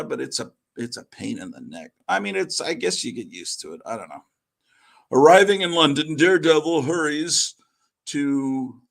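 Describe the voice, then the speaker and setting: In a gravelly, mid-range voice, a man casually reads a vintage comic book aloud, breaking off now and then for asides.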